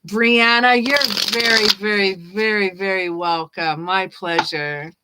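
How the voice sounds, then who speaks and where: A woman's voice: medium pitch, steady tone, slow, heavy background noise. A woman reading tarot cards on a live stream, chatty and repetitive, laughing often as she reads viewers' questions. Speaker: tarot reader.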